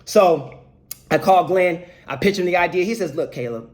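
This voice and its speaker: A man telling a casual anecdote, animated and acting out the voices of the people in it. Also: high voice, moderate pace. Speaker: storyteller.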